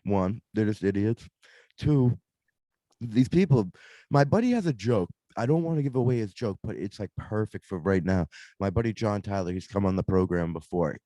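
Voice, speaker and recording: A young man with a low, warm voice. He talks bluntly in casual radio banter, swearing freely. The sound is dry, close and without room echo. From Massachusetts, near Boston. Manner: blunt, swears freely, says "bro" and "dude". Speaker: podcast co-host. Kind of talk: casual profane chat.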